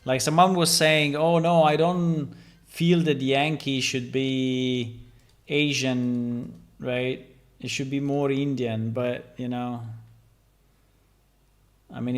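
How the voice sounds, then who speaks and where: A man who develops a game, chatting casually and thinking aloud on a stream, amused and relaxed. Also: medium pitch, vocal fry.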